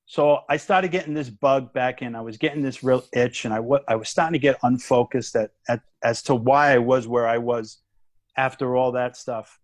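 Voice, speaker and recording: A man, a guest comedian, telling a story in a casual chat, animated and acting out the voices and the punchline. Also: medium pitch, normal speed, dry recording. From United States.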